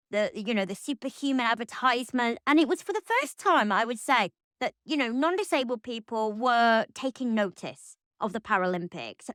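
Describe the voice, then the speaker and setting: A woman's voice: a little high, a bit bright, clear, resonant tone, no echo, studio quality. Chatty woman host. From Lancashire, England. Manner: chatty and jokey, with playful asides. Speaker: podcast host. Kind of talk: relaxed podcast chat.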